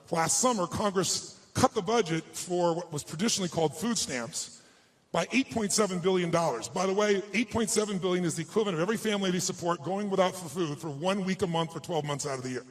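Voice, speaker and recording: A motivational speaker, a man with a high-sitting voice, tells an audience a personal story. He sounds heartfelt, slows at the emotional moments, and grows persuasive and rallying.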